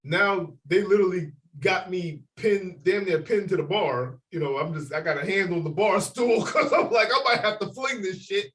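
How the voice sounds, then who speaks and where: A man's voice: sits high, moderate pace, few pauses, a bit bright, far from the mic, poor audio. A man co-hosting a podcast, telling a story casually and animatedly, swearing and acting out the voices of others. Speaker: podcast co-host.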